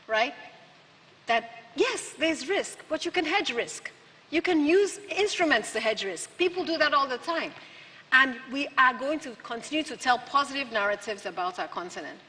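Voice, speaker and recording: A woman's voice: high-pitched, pushed and bright. A woman giving a conference speech, punchy and rhetorical with lots of repetition. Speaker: keynote speaker. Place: large conference hall. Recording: hall reverb from the PA.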